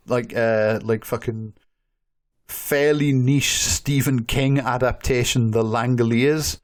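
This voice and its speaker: A man's voice: medium pitch, unhurried. Rambling, sweary podcast guy. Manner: rambling, heavy swearing and filler words. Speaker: podcast co-host. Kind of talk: casual chat.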